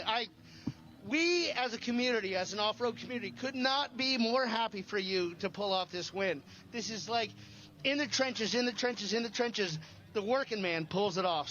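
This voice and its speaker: A man in his forties, a loud, joking trackside interviewer at a race finish, heard through dull lo-fi livestream audio. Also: high-pitched, moderate pace. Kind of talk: excited post-race interview. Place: outdoors at a desert race finish.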